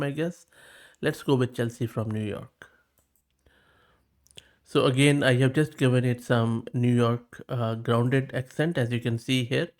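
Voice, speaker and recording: A man hosts a tech walkthrough in a casual, chatty voice. He talks at an even pace and often pauses on fillers. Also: mid-range voice. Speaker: tech video host.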